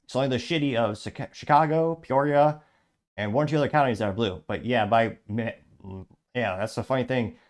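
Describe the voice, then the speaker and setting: A man of ordinary pitch hosts a commentary show, working through social media comments one at a time. He talks casually and keeps stopping to add wry asides, often restarting his sentences. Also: a little fast. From Illinois.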